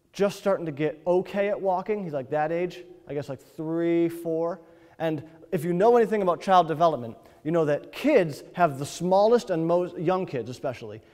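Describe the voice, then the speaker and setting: A man's voice: a little high, a little mellow. A man preaching a sermon as pastor, telling stories in a conversational way that builds to emphatic peaks. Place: church sanctuary. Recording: long church reverb.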